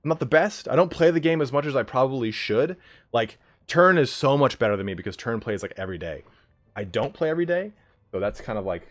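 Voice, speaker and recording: A man's voice: mid-range voice, lively intonation, fast. A man hosting a live stream, chatting casually with viewers in a joking, profane way. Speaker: livestream host of a game league.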